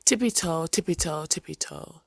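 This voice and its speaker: Storybook rabbit, male, clever and lively, hollering, voiced by a woman storyteller. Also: low-pitched, normal speed, vocal fry, breathy edge, no room sound, clean studio sound, heavily acted. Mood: teasing. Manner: hollering, animated, playful.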